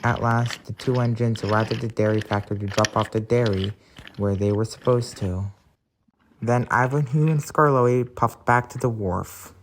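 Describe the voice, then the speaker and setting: A man narrating a fan-made story about engines in a plain, steady way. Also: medium pitch, normal speed.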